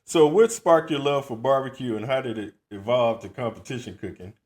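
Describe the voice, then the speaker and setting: A man hosting a podcast, asking relaxed questions and laughing along with his guest. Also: mid-range voice, fairly quick. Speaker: podcast host. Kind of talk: casual interview.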